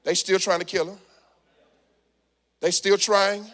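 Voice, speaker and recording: A man preaching a sermon as pastor in a large church sanctuary, with an emphatic cadence and drawn-out phrases. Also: high voice, little pitch movement, fairly bright tone. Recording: long reverb of a large hall.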